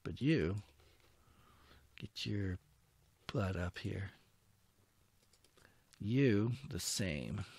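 Man, strategy game commentary, low-ish voice, slow, dry recording, muttering to himself. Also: expressive, a little mellow, slightly rough, dry recording. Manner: muttering, self-talking, grumbling at setbacks. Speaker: gameplay commentator.

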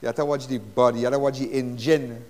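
A man's voice: medium pitch, steady tone, fast, a little mellow. Trinidadian guy hosting a talk show, mid-range voice, keeps repeating himself, long echoey reverb. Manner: chatty and emphatic, repeats phrases, folksy. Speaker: host of a crime talk show. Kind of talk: live talk-show monologue.

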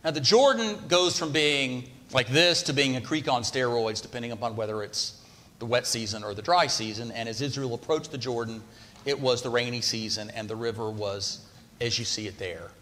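A man's voice: mid-range voice, moderate pace, fairly bright tone, slight background noise. Conversational male preacher, reverberant hall. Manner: conversational, asks the congregation questions. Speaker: pastor. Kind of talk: sermon. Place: church sanctuary.

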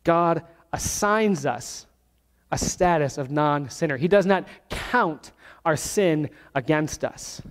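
A man preaching a sermon as pastor, teaching verse by verse and slowing down to stress key words. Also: on the high side. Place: church sanctuary. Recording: long hall reverb.

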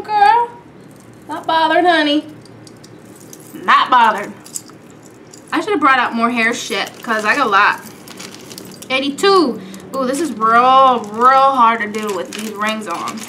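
A woman's voice: fairly high pitch, animated, unhurried, sharp tone, slight background noise. A young woman vlogging casually at home, playful and sassy, calling her viewers darlings and girls. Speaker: beauty vlogger. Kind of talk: casual chat.

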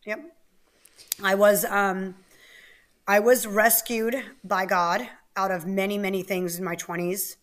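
A woman's voice: medium pitch, steady tone, a little slow. Brief: woman interview guest, bubbly, candid, mid-range voice. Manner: bubbly, candid, laughs often. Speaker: guest, activist and author. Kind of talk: casual interview talk.

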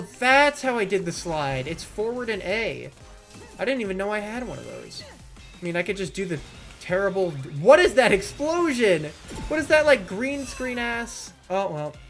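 A man giving let's-play commentary, sarcastic and critical as he rants about the game he is playing. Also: fairly high pitch. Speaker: gaming YouTuber. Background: faint game music.

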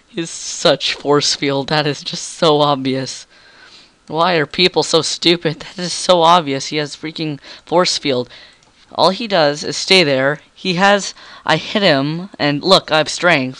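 A man's voice: on the high side, animated, unhurried, pushed and bright, no echo. A teenage boy doing goofy, rambling commentary over his game, with a frog in his throat. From Canada. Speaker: gamer. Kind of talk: gameplay commentary.

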